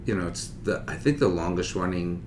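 A man's voice: sits low, fairly quick, reverberant, slight background noise. A man with a Boston accent chatting casually as a guest, telling stories and often stopping to search for names. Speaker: guest comedian. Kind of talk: casual chat.

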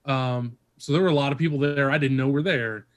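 A man hosting a casual podcast chat. He rambles with many ums and uhs and grows lively when something excites him. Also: mid-range voice, a little fast.

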